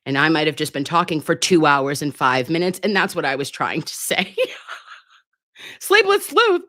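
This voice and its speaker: A nurse in her forties hosts a casual livestream on a computer mic, reading viewer comments and calling them babe. She is chatty, giggly and sometimes flustered. Her low voice is brisk, pushed and bright, and the audio has studio quality with no room sound.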